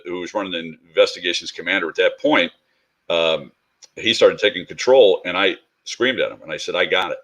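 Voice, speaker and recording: A middle-aged man with a somewhat low voice tells a personal story on a panel. He speaks as a police instructor and acts out the dialogue he quotes with some life. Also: sharp tone.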